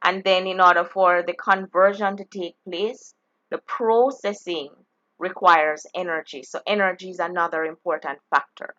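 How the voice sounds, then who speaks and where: A woman teaching a geography exam-prep lesson, explaining slowly and deliberately, often restarting her phrases. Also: lowish voice, fairly even intonation, sharp tone, dull audio.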